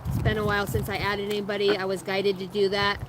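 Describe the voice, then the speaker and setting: A woman's voice: medium pitch, monotone, fast talker. A woman in her thirties or forties reading tarot cards live, chatting loosely with viewers and swearing freely. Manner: loose, profane, laughing, reading chat aloud. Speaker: tarot reader streaming live. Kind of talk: casual live-stream chat and card reading. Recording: loud background noise.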